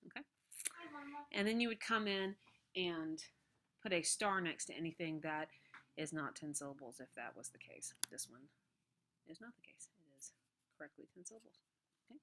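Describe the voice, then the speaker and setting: A woman's voice: low voice, normal speed, pauses often, bright, forceful tone. A woman teacher patiently explaining a worksheet step by step, with frequent checks like "okay". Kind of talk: recorded classroom lesson walkthrough.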